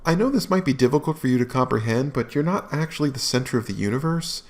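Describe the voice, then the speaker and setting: A man delivering sarcastic commentary at a quick clip. His voice sits at an ordinary middle pitch, and every line drips with mockery. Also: animated, background noise. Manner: mocking, sarcastic. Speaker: commentary host.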